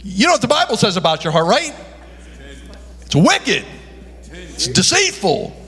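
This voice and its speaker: Emphatic preacher in a ringing hall. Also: male voice, high-pitched, wildly swooping pitch, measured pace, a bit bright. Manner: emphatic, rhetorical questions to the congregation. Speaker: pastor. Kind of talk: sermon.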